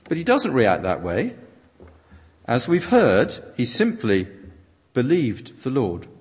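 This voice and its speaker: A man preaching with a husky, breathy voice and a very lively pitch that rises and falls widely. He gives his quotations a dramatic reading. His voice rings through a large hall with a long reverb. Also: slow pace, long pauses. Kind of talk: sermon with interpretation.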